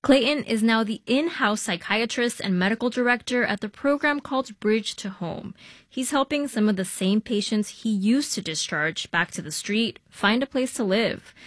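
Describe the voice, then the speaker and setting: A woman reading a radio news report in a measured, even way. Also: medium pitch, dry recording, studio quality. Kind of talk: scripted news narration.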